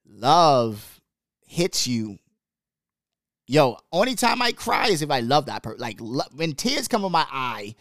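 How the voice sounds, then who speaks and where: A man hosting a show, talking casually and emotionally, pausing and choking up, close to tears. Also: medium pitch, a bit bright, no echo. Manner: casual, slangy, halting and emotional. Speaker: host. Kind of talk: emotional personal talk.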